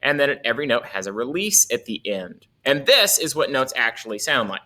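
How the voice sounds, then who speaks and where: A man's voice: medium pitch, big pitch swings, a little fast, sharp tone. A man teaching a casual music lesson, playful and chuckling often as he explains.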